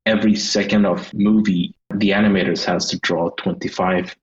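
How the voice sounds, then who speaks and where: A man's voice: low voice, steady tone, moderate pace, lo-fi sound. A man with a Swedish accent, a game designer talking hesitantly as a guest and searching for his words. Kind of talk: casual interview chat.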